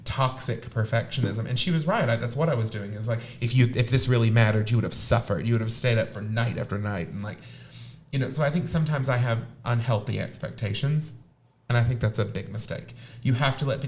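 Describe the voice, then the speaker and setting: A man co-hosting a panel show as a high priest, giving a candid, thoughtful answer with frequent fillers and self-corrections. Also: brisk, a little hiss or hum.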